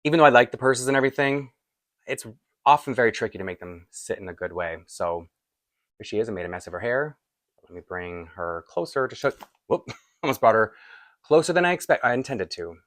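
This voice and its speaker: A man's voice: medium pitch, expressive, fairly quick, fairly bright tone, no room sound. A man with a Canadian accent chatting casually through a doll unboxing, rambling with frequent little laughs. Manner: rambling, chatty, laughs often between asides. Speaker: doll collector vlogger.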